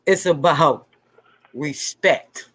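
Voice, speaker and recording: A woman's voice: sits low, extremely slow, fairly bright tone, slightly rough. A woman hosting a casual chat, speaking bluntly and repeating her points for emphasis. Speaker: host.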